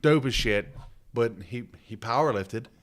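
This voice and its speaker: A man's voice: medium pitch, measured pace. A man co-hosting a podcast, telling a long, profane travel story in casual chat and acting out the people in it. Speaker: podcast co-host.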